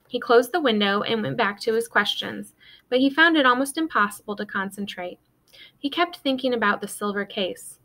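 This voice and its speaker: A woman teacher reading a children's novel aloud to her students in a steady storytelling voice. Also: on the high side, normal speed.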